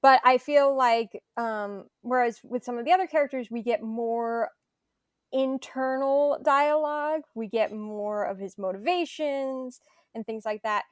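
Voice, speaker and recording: A woman's voice: fairly high pitch, measured pace, dry recording, studio quality. A woman from an audio drama cast talking through a character and asking a thoughtful interview question. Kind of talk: casual remote interview.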